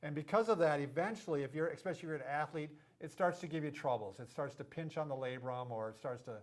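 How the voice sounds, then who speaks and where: A middle-aged man, a physical therapist, hosts a laid-back, jokey explainer show and keeps stumbling over medical terms. His voice is fairly high and fast.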